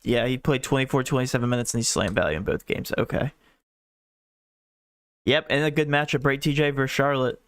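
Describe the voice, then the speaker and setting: A man co-hosting a casual sports podcast, sounding nasal from a cold, with quick teasing banter. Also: mid-range voice, a bit bright, clear, resonant tone, no room sound. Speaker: co-host.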